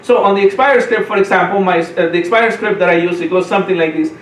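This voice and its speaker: A man with a high, quick voice runs a real estate training session, piling up restarts and tag questions like "right?". He sounds roomy and a little distant from the mic, with a faint rumble underneath. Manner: fast, repetitive, says "right?" often. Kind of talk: training talk.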